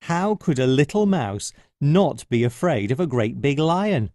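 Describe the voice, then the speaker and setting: A man reading a children's story aloud, slowly and expressively. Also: medium pitch, no echo, studio quality. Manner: slow and expressive.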